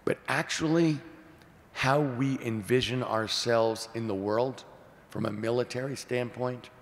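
A man in his sixties, a presidential candidate answering questions at a forum in an earnest, measured way. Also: fairly even intonation. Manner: earnest, measured, repeats key phrases. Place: large hall at a public forum. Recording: echoey hall, faint rumble.

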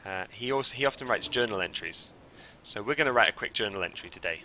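Young male streamer, bright and bouncy delivery, excitable with sudden panicky outbursts. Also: on the low side, fast, a little hiss or hum. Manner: excitable, swings from mumbled asides to shouted panic. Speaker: game streamer. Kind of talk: live gameplay commentary.

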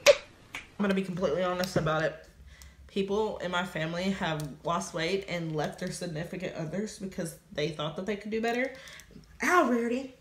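A woman's voice: on the low side, normal speed. A woman answering questions in a couple vlog, speaking earnestly and openly about her relationship. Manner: earnest, open, reflective. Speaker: vlogger's partner. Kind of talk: candid couple Q&A chat. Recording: roomy echo.

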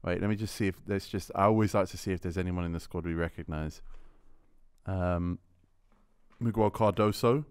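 A man's voice: deep voice, moderate pace, a little mellow, clear, resonant tone, no room sound, studio quality. A man hosting a casual podcast, telling stories and reading out audience questions in a laid-back way. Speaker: podcast host.

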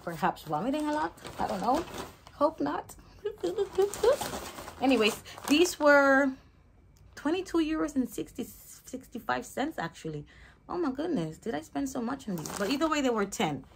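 A woman's voice: high voice, big pitch swings, moderate pace, creaky, noisy background. A young woman, expecting a baby, chatting casually through a haul vlog with hesitant fillers and Spanish words mixed in. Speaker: vlogger.

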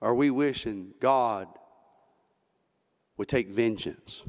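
A man with a Southern American accent preaching a fervent Baptist sermon from the pulpit, rising to shouts at the peaks. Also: mid-range voice, slow. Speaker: pastor. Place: church sanctuary. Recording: long church hall reverb.

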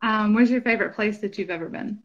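A woman host of middling pitch, asking brief, playful questions and laughing along with her guest. Her voice comes through muffled and lo-fi. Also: fast talker. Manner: short questions, giggly. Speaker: interviewer host. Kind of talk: casual interview chat. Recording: muffled lo-fi audio.

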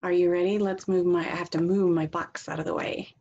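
A woman teacher giving a children's read-aloud lesson, reading slowly and expressively for young listeners to echo back. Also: on the low side, muffled recording, a little hiss or hum. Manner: slow, expressive echo reading with exaggerated rises.

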